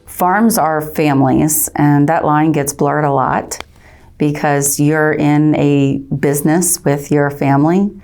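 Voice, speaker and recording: A woman speaking in a documentary interview about women in farming, in a measured, explanatory way. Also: deep voice, steady tone, creaky, darkish tone, faint music behind.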